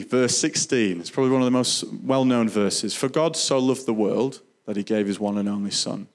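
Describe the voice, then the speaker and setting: Guy telling his faith story, earnest, lowish voice, stumbles and restarts a lot. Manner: earnest, halting with frequent restarts. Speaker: Christian speaker sharing testimony. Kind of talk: personal testimony storytelling.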